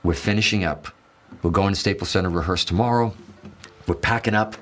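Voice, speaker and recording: A man from the Azores telling an excited, rambling story as a guitarist guest, swearing and acting out quotes. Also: low voice, fairly quick. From Azores, Portugal. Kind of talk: animated storytelling in an interview.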